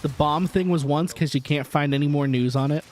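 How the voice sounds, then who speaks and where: A man's voice: on the high side, a little fast, a little hiss or hum. An American man streaming a game live, chatting and joking with his viewers in a loose, playful way. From United States. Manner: jokey, animated, chatting with viewers. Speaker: vtuber streamer. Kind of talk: casual live-stream chat while gaming.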